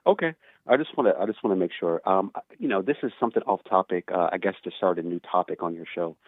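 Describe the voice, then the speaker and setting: A man's voice: sits low, fast, no echo. A man from New Jersey calling in to a show, talking casually and hesitantly with lots of fillers. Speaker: caller. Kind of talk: phone-in call. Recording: tinny phone line.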